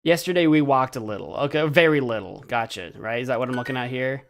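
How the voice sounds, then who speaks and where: A man's voice: mid-range voice, fast talker, creaky, slight background noise. A young man from the American Midwest chatting casually on a live stream, self-deprecating and stumbling over Spanish words as he practices. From central Illinois, US.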